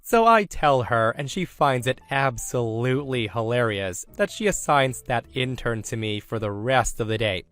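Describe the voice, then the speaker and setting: Guy reading reddit-style stories, steady scripted read, medium voice. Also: medium pitch, normal speed, few pauses. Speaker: story narrator. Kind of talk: scripted narration.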